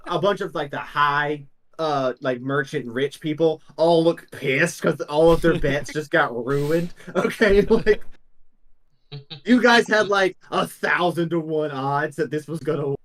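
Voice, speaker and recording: A man's voice: on the high side, unhurried, fairly bright tone. Filler-heavy young man running a game. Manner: casual, filler-heavy, laughs often. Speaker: game master. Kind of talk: narrating a tabletop game.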